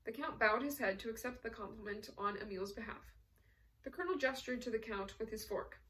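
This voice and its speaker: A woman narrating a novel in a measured, even storytelling manner. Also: fairly high pitch, far from the mic, rough recording. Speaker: audiobook narrator. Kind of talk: scripted narration.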